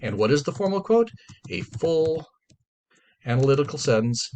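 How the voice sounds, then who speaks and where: A man's voice: a little high, big pitch swings, normal speed, darkish tone, a little hiss or hum. A man teaching a writing class, lecturing in a conversational way and repeating and stressing his key points.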